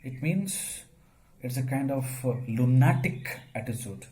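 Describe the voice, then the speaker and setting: A man, teaching a story as a lecture. He asks questions and answers them himself, using many fillers, and his voice gets suddenly louder at times. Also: mid-range voice, lively intonation, a little slow, rough recording.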